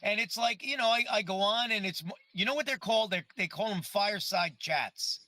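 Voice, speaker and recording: A man with a high, very bright and sharp voice chats as a guest on a podcast. He rambles through his stories and swears freely. The sound is dry and close. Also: brisk, no room sound. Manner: loose, rambling storyteller with frequent swearing. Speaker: guest, prank-call performer. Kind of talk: casual podcast chat.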